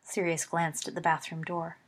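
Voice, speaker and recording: Female audiobook narrator, low, husky, measured read. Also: monotone. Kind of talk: audiobook reading of fiction.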